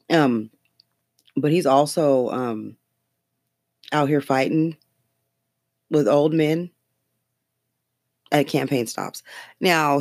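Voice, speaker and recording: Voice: medium pitch, a little mellow, no room sound, clean studio sound. A podcast host talking about politics in a loose, rambling way, swearing and laughing often. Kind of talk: casual political chat.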